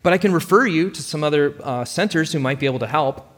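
A man's voice: on the high side, fast talker, fairly bright tone, husky, in a large hall, voice pushed up. A man voicing an awkward, nervous woman from billing who hesitates and apologizes. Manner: hesitant, filler-heavy, apologetic.

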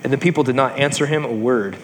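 A man teaching a Bible study, reading passages aloud and then retelling them in a casual way, often saying "um" and "like" and clearing his throat. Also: medium pitch, quick pace. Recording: long reverb, faint background noise.

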